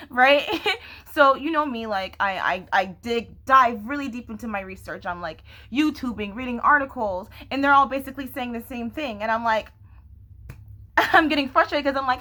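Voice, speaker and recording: A young woman with a bright, forceful voice and a fairly high pitch, talking straight to her viewers. Her vlog talk is candid and loose, with lots of laughing along the way. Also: moderate pace. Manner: candid, laughs often, restarts and fillers. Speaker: vlogger.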